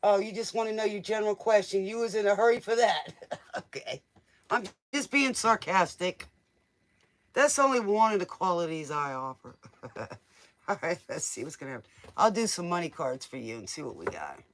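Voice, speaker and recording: A man's voice: high-pitched, lively intonation, moderate pace, fairly bright tone. A man doing a casual live-stream tarot reading, joking, teasing and laughing as he answers viewers' questions. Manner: jokey, teasing, laughs often. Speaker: tarot reader.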